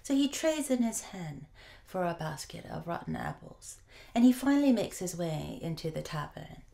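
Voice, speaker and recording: A woman preacher telling a folk tale in a sermon, unhurried and often pausing with fillers. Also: lowish voice, expressive, creaky, dark tone. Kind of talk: sermon storytelling.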